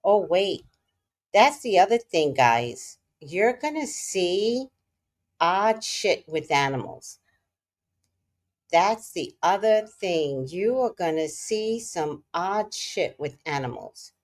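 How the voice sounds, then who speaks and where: Lively, slow-talking woman scolding her cat. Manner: scolding a cat between remarks to viewers, frequent swearing; swings between loud exclamations and low muttering. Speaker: vlogger. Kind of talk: casual livestream chat.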